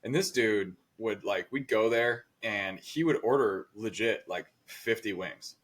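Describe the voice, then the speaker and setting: A man's voice: lowish voice, a little slow. A young adult man co-hosting a podcast, rambling through a story in casual chat with lots of fillers. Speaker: podcast co-host.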